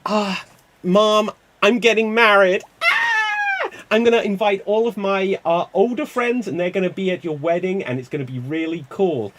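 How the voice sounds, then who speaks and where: A man voicing an excited young woman about to marry, gushing and breathless. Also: high voice, a little fast, hardly any pauses, a little hiss or hum, pitched above the performer's own voice, lightly acted.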